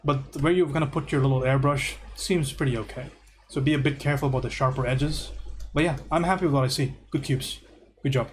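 Relaxed man critiquing art homework. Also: mid-range voice, fairly quick, slight background noise. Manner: relaxed and encouraging, thinks aloud with repeated praise. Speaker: art teacher reviewing student homework.

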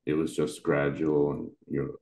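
A man's voice: extremely low pitch, monotone, a little slow, dark tone. A man interviewing a guest in a casual conversation, asking curious follow-up questions.

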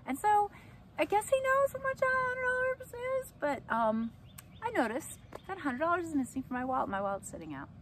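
A middle-aged woman, an astrology and yoga teacher, telling personal stories in a casual, animated way and acting out what people said. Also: extremely high pitch, a little fast, slight background noise. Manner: animated, acts out quotes with laughs. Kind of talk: casual storytelling to camera.

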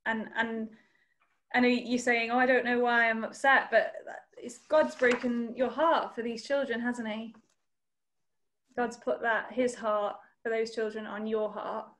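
Brief: earnest, encouraging woman presenter on a video call, high voice with a flat, steady delivery. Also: measured pace. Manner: earnest, encouraging, speaks of faith. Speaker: workshop presenter. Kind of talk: online conference Q&A.

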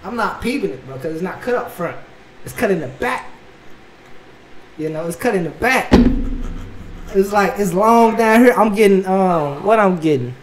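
A man hosting a reaction video, telling a story in a casual, animated, slangy way and saying bro a lot. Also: sits high, normal speed, pauses often. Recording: echoey room, mic at a distance, faint noise.

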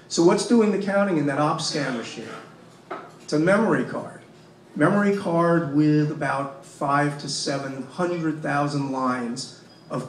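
A man's voice: fairly high pitch, slight background noise. Emphatic man in an echoey room. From Massachusetts, US. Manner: emphatic, rhetorical questions and repetition. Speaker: panelist. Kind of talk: impassioned panel talk. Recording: echoey room, mic from far off.

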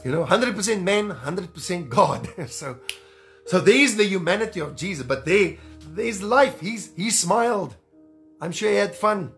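A man preaching a sermon as an evangelist, fervent and animated, repeating phrases for emphasis. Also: high-pitched, unhurried, soft background music.

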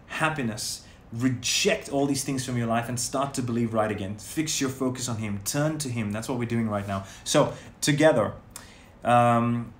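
A man leading a sermon and guided prayer, speaking in emphatic, repetitive phrases. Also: medium pitch. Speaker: prayer leader. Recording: roomy echo, faint noise.

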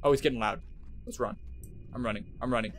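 A young man streaming a horror game, jumpy and swearing, talking to his chat and shouting at those who laugh at him. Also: medium pitch, fast. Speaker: gaming streamer. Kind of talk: live horror game commentary. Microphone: headset.

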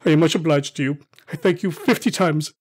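A man voicing an old man reborn in good cheer, effusive and eager in a storybook reading. The voice sits a little high and carries a slight husk. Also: fairly quick, slightly rough. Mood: earnest. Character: elderly male miser, newly joyful and giddy.

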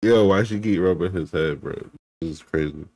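A man's voice: deep voice, normal speed, a little mellow, no echo. A man reacting to a clip in disbelief, laughing, swearing and repeating his exclamations in slang. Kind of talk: reaction commentary.

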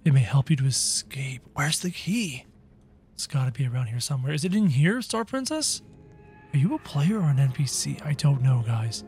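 Excitable man narrating a game. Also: mid-range voice, normal speed, faint music behind. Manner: excitable, talks to viewers as guys, mock-scared. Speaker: gaming video host. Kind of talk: excited let's-play commentary.

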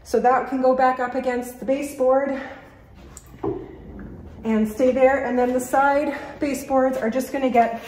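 A woman's voice: sits high, steady tone, measured pace. A woman repairing furniture in her workshop, thinking aloud in a practical way as she works and a little out of breath. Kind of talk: casual workshop commentary. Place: woodworking shop. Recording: echoey shop with loud background noise.

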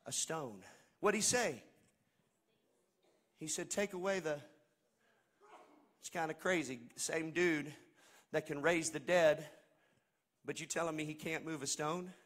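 Husky, high-voiced shouting preacher. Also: male voice, measured pace, long pauses. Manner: swings between shouted, sing-song preaching and hushed, conversational asides. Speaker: pastor. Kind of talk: sermon.

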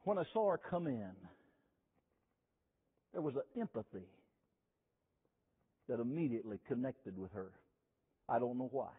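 A man preaching a sermon, telling stories slowly and emphatically, repeating key phrases. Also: medium pitch, animated, husky. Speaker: revival preacher. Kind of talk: sermon with storytelling. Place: chapel. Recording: tinny lo-fi chapel recording with long reverb.

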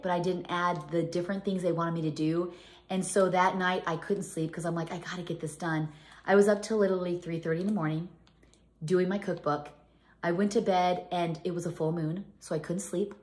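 A middle-aged woman chatting casually as a home cooking vlogger, telling rambling stories full of restarts and fillers. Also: mid-range voice. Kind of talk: casual chat. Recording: echoey room.

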